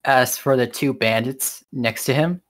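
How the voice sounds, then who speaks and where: A man serves as game master, narrating a tabletop scene at a slow pace. He halts often to find the next word. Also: medium pitch, background noise. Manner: unhurried, halting narration with fillers.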